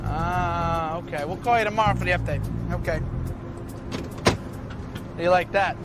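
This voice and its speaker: An actor playing a gruff male hoodlum who talks mock-cheerfully into a pretend walkie-talkie, heard as a film clip with music behind. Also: high voice, a little slow. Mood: fake cheerful. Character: gruff male hoodlum fobbing off a kidnapped man. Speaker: film character.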